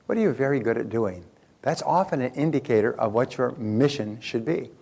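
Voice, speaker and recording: An older man gives a seminar talk as a motivational speaker, telling a story in a loose, folksy way full of fillers and restarts. His mid-range voice is animated, fairly quick, a little mellow, and has vocal fry.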